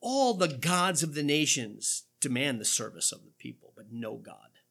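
A male pastor preaching a sermon, asking rhetorical questions and quoting scripture with animated delivery. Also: fairly high pitch, normal speed, vocal fry, husky.

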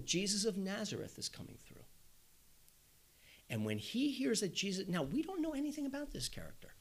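A man preaching a sermon, animated, asking rhetorical questions and acting out the voices of the people he quotes. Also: very high-pitched. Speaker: pastor.

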